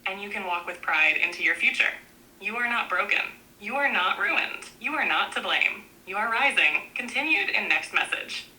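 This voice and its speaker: A woman narrating a book aloud in a gentle, reassuring way, speaking in short, repeated affirmations. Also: medium pitch, expressive, normal speed, rough recording.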